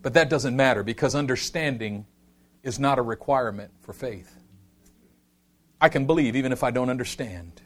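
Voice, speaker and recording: A man's voice: mid-range voice, normal speed. A man preaching a sermon with passion, leading his congregation in repeated call-and-response lines. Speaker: pastor.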